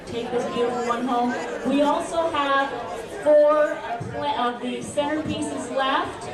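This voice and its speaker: A high-voiced woman briskly calls out prices and bids at a live fundraising auction. She is heard from a distance in a large, echoing hall, with a loud crowd chattering underneath. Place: large hall at an evening gala.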